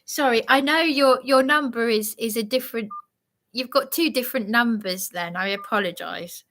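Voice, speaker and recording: A woman's voice: on the high side, normal speed, a bit bright, slight background noise. A woman live streaming, talking in a flustered, agitated and apologetic way. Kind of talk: rambling live-stream chat.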